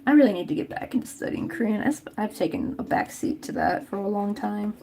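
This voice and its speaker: A young woman from Tennessee with a light Southern lilt, talking to her stream while she works on a craft. She rambles in a friendly, loose way, full of fillers and small laughs. Her pitch sits in the middle for a woman. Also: animated, fast, creaky, dark tone, soft background music. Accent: Southern American. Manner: chatty and rambling, lots of "like" and laughs. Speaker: crochet livestream host. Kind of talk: casual livestream chat while crafting.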